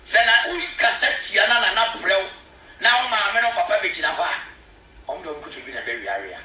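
A Ghanaian man with a high, very bright voice explains local custom with lively asides. His voice rings in a roomy, echoey space. A faint noise sits behind him. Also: fairly quick, distant mic. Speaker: chief's spokesman. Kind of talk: explaining to a local news camera.

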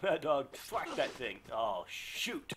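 A man commentating his own gameplay, excitable, yelping and groaning as things go wrong. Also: medium pitch, slow, slight background noise. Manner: excitable, yelps and groans at setbacks. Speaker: let's play gamer. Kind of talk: live game commentary.

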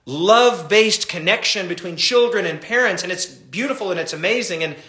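A middle-aged man, a pastor, teaching a Bible study in an animated, impassioned way. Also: high voice, brisk, roomy sound.

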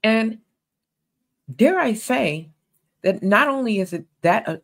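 A woman's voice: fairly high pitch, expressive, takes it slowly, vocal fry, rough recording. A woman giving a sermon-style Bible teaching, earnest and conversational, with emphatic stresses.

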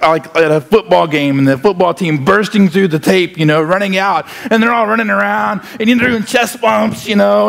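A male pastor preaching a sermon, animated and often repeating words as he acts out scenes. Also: high voice, gravelly.

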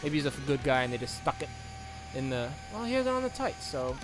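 A man's voice: mid-range voice, sing-song, quick pace. A young man commentating a wrestling video game casually, rambling and joking and slipping into mock play-by-play calls. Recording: echoey room, game music behind.

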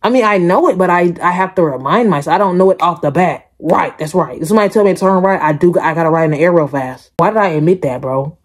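A woman with a husky, slightly low voice reacts out loud to a video. She talks straight to her viewers, emphatic and animated, and circles back to the same points again and again. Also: quick pace, few pauses. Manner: animated, emphatic, repeats herself, addresses viewers directly. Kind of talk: casual reaction commentary.

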